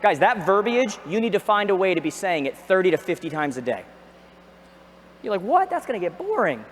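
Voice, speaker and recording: High-voiced man in an echoing arena. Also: brisk, slight background noise. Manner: energetic, asks the audience questions, jokey. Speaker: real estate trainer. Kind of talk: motivational seminar talk. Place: large arena. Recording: echoey arena with long reverb.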